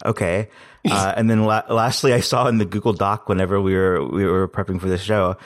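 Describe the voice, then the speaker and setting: A man's voice: low-pitched, level tone, a little fast, no echo, studio quality. A young man on a podcast panel, chatting in a laid-back, amused way. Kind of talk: casual chat.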